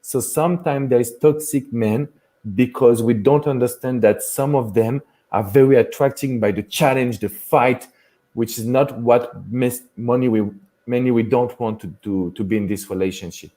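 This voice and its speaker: A man's voice: mid-range voice, normal speed, mellow. A man with a French accent, a dating coach talking earnestly in a live chat, often restarting his phrases. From France.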